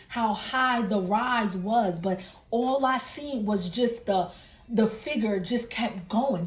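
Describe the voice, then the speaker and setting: A woman with a somewhat high voice tells a personal story in an easy, conversational way, circling back to repeat and rephrase her points with emphasis. Her voice bounces around an echoey room. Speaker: tarot reader and channel host. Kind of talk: casual storytelling about a dream.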